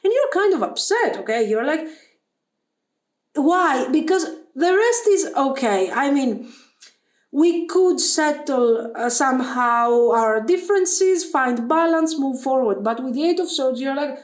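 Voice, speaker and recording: High-voiced woman reading tarot, echoey room. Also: expressive, measured pace. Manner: emphatic, exasperated, talks straight to viewers. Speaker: tarot reader. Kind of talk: pick-a-card tarot reading to viewers.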